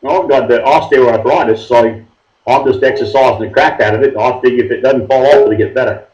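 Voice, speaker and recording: A man's voice: medium pitch, a little fast, darkish tone. Easygoing older Australian man on a call. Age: 60s. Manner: easygoing, rambling, says mate. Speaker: guest. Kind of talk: casual chat over a call. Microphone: phone call. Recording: roomy, dull call audio.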